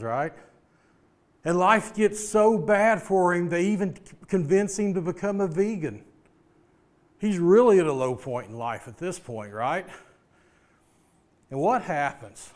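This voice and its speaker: A man's voice: fairly high pitch, a little mellow. A man giving a motivational devotional talk, retelling a story in an earnest, plain-spoken way. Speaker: speaker giving a weekly motivational message.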